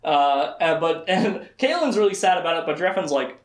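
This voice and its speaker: A man giving a casual, comedic lecture summarizing books to a small audience, acting out the characters' lines with quick voice shifts. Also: fairly high pitch, animated. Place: room with a small live audience. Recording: echoey room.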